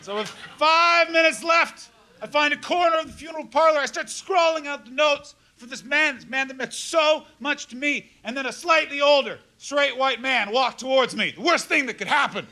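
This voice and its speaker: High-voiced man doing stand-up. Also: moderate pace. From Canada. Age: 30s. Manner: animated, swings into loud mock crying and character voices. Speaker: stand-up comedian. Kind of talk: stand-up comedy storytelling. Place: live comedy club stage. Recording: live room with clear crowd noise. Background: audience laughter.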